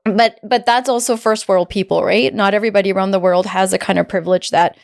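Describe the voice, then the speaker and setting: A woman in her forties hosting a podcast, talking in a reflective, heartfelt way and often pausing to search for words. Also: mid-range voice, steady tone, creaky. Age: 40s. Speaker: podcast host. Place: podcast studio, seated across from guest.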